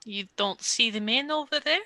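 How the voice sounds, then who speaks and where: A woman playing a tabletop game, speaking in character with measured, formal phrasing. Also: fairly high pitch, pushed and bright, no room sound. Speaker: player. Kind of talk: tabletop role-play, in character.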